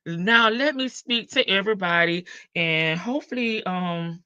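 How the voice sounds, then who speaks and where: A woman's voice: mid-range voice, a little slow, sharp tone, smooth, dry recording. An older woman hosting a casual live stream, greeting viewers one by one and stretching out her hellos. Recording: dull lo-fi stream audio.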